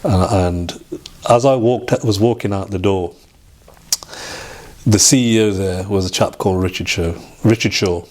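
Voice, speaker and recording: A man, telling his life story as an interview guest in a halting way, with restarts and reenacted dialogue. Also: lowish voice, a little mellow. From Derby, England. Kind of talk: personal storytelling in a sit-down interview.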